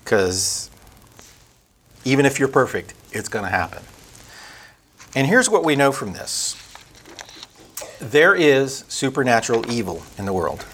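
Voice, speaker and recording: A man teaching a conversational Bible lesson, emphatic, building up lists and slowing down on key words. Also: medium pitch, very animated, a bit bright, a little hiss or hum.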